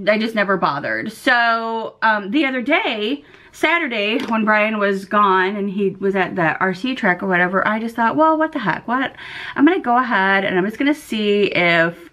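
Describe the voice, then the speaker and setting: A woman's voice: medium pitch, sharp tone. A middle-aged woman vlogger chatting casually at home, telling a long rambling story full of fillers and quoted back-and-forth. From Southern United States. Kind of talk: casual chat. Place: at home near a window.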